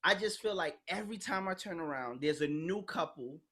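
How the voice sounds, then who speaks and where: A woman's voice: on the low side, lively intonation, brisk, a bit bright, breathy edge. A woman hosting a podcast in casual chat, talking bluntly and animatedly, acting out quoted voices and swearing freely. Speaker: podcast host.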